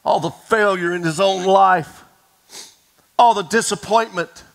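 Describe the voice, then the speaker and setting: A pastor delivers a sermon in a high, bright voice. He tells the story with drama, falling to near whispers and climbing to shouts as he speaks right to his congregation. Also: a little slow, rough recording. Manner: dramatic storytelling, dropping to a hush and rising to shouts; addresses the congregation directly.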